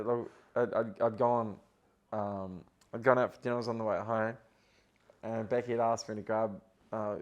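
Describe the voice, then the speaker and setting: Australian man, low-pitched, rambling, lots of fillers, casual interview guest. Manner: rambling storyteller, heavy on filler words and restarts. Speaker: guest, professional footballer.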